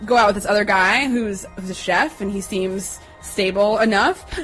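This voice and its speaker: A woman's voice: medium pitch, normal speed, a bit bright, faint music behind. Chatty young woman telling a story. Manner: chatty, heavy on fillers, acts out quotes, swears. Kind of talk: casual personal storytelling.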